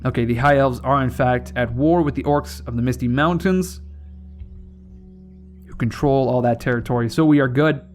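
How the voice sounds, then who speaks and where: A man's voice: mid-range voice, steady tone, moderate pace, soft background music. Young man, gaming host, casual strategy commentary, rambling, profane, trips over words. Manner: rambling and profane, with self-corrections.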